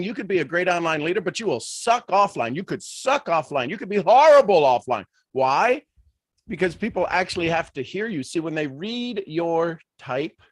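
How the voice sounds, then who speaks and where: A man giving a motivational leadership talk on a live stream, animated, full of rhetorical questions and restarts. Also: high-pitched, no echo. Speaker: leadership speaker.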